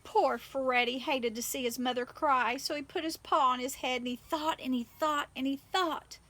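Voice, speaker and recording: A woman reading a children's picture book aloud in an expressive, animated way. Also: high voice, moderate pace, a little hiss or hum. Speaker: storyteller.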